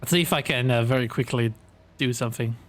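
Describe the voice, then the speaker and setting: A man's voice: mid-range voice, quick pace. Young guy live streaming, casual, talks to himself a lot, laughs here and there, mid voice. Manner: thinks aloud, chuckles often, trails off.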